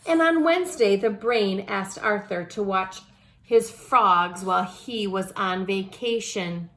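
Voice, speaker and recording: Woman storyteller, gravelly, children's read-aloud with teaching asides. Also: medium pitch, slow. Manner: warm, lesson-minded aside to children.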